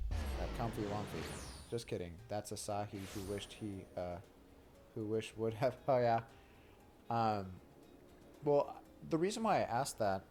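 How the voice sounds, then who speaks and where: Young man, game streamer, rambling, joking, lowish voice, clear music behind. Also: a little mellow. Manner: rambling and joking, heavy use of "like", crude humor. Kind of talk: casual live-stream chat while reading game dialogue.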